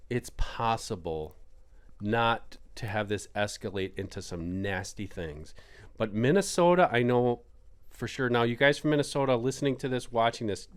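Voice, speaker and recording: A middle-aged man telling a hunting story on a podcast in casual chat, acting out quotes with sudden jumps in pitch. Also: clean tone. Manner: animated, acts out quotes with big pitch jumps.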